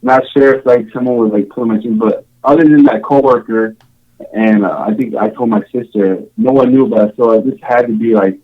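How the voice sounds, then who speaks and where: A man's voice: mid-range voice, fairly even intonation, a little fast, phone-quality sound. A man from Samoa, a podcast guest, recounting his story in a casual, rambling way with many fillers and restarts. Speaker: podcast guest, show contestant.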